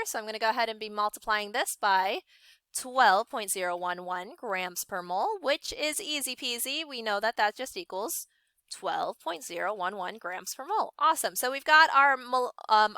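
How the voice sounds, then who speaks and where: A young woman science teacher running an online class, upbeat and encouraging, briskly calling on students by name. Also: mid-range voice, pushed and bright, clear, resonant tone, no room sound.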